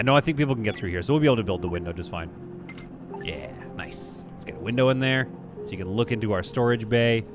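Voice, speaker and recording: A man hosting a casual live stream, chatting as he plays and reading viewers' messages aloud. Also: on the low side. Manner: chatty, muses aloud, reads chat. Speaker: streamer host.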